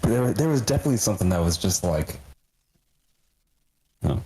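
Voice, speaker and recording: A man chatting on a podcast in a loose, swearing, rambling manner. His voice is low and a little husky. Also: big pitch swings, fairly quick, warm tone, rough recording. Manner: casual and profane, rambling. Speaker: podcast co-host. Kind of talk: casual chat.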